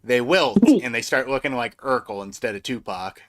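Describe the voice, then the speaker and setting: A man's voice: medium pitch, lively intonation, a crowd in the background. A young adult man co-hosting a podcast, laughing along and adding to crude jokes. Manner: slow, laughing, egging on the jokes. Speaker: podcast co-host. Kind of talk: casual podcast banter.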